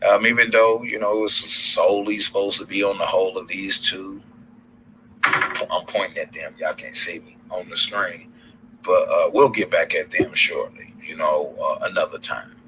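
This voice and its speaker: Southern male streamer, very low pitch, rambling slangy delivery, light background hiss. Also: fairly even intonation, moderate pace. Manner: loose, rambling, slangy, many fillers. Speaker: livestream host. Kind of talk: casual livestream sign-off.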